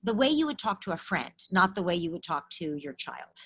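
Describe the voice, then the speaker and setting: A woman's voice: fairly low pitch, very animated, fairly quick, slightly rough. A middle-aged woman hosting a parenting call-in session, giving empathetic, direct advice to callers over a video call. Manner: warm coaching, empathetic and direct. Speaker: parenting expert hosting call-in office hours.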